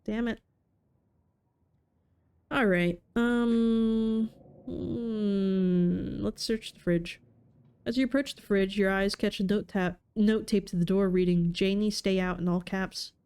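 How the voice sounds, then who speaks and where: Mellow-voiced woman reading a game aloud. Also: medium pitch, steady tone, slow pace, long pauses, clean tone. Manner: playful, laughs at her own reading. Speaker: let's player. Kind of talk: reading game text aloud with casual commentary.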